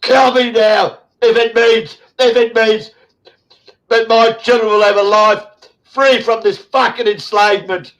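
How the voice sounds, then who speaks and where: Fiery sixties Australian man, high voice. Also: steady tone, unhurried, a bit bright, highs cut off. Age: 60s. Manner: emotional, swearing heavily, rambling with restarts. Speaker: show host. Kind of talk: impassioned online chat.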